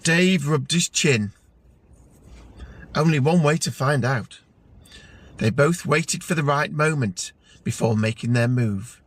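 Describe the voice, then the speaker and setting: A man's voice: on the high side, animated, unhurried, fairly bright tone. A man narrating a comic story aloud in a dry storytelling manner.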